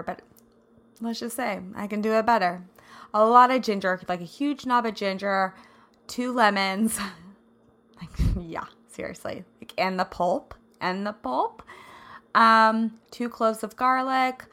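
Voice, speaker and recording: A woman from the Midwest hosting a casual solo podcast, bubbly and effusive, laughing often, her throat a little scratchy and raspy today. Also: medium pitch, bright, forceful tone. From American Midwest. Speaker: podcast host.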